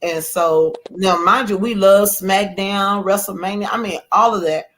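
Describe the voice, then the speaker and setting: Woman guest, animated storyteller, Black speech, acts out quotes. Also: mid-range voice, a little slow. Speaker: guest author. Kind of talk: casual chat.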